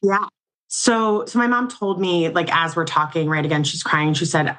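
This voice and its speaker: Reflective woman in her forties, low-pitched. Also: animated, normal speed, fairly bright tone. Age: 40s. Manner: reflective, earnest, slightly emotional. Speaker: interview guest. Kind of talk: casual conversational interview.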